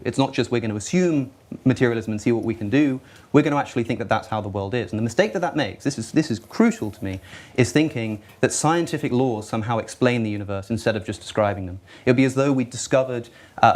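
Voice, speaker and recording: A man on a discussion panel who talks quickly and acts out little scenes in his arguments, often restarting and repeating words as he goes. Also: mid-range voice, darkish tone. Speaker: atheist panelist.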